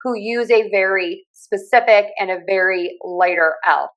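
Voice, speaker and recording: A woman with a Pittsburgh accent talks through speech sounds like a friendly teacher, spelling out each point clearly and stopping to demonstrate vowels. Her voice sits at an ordinary middle pitch for a woman. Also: unhurried, fairly bright tone, poor audio. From Pittsburgh, USA. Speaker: speech pathologist and communication coach. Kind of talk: explanatory talk on accents.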